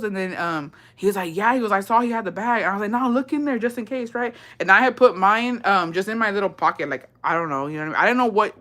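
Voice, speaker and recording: Bright-voiced young woman, profane storytelling. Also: medium pitch. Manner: profane, slangy, mixes in Spanish words; animated retelling, laughs often. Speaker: vlogger. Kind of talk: casual storytime.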